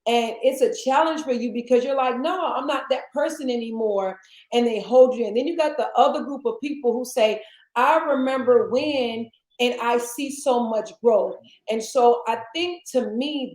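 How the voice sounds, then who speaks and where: Woman, interview host, casual motivational talk, fairly high voice, echoey room. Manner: animated, jumps into high playful voices when quoting others. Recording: roomy echoey sound.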